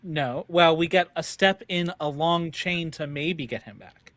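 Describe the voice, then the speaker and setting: A man's voice: a little high, fairly even intonation, a little slow, crowd noise. Hesitant man at a game table. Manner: hesitant, filler-heavy, wheedling. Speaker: player. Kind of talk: casual tabletop game chat.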